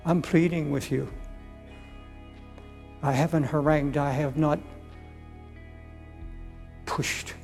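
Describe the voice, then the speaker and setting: An older man preaching a sermon, pleading slowly and repeating words as he appeals to listeners. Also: a little high, fairly even intonation, a little mellow, long reverb tail, faint music behind.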